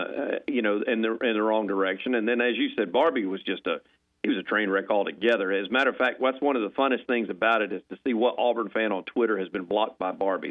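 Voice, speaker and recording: A man calling in as a guest on a sports radio show, talking in a rambling, animated way with repeated words, heard over a phone line. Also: on the low side. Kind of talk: call-in sports chat.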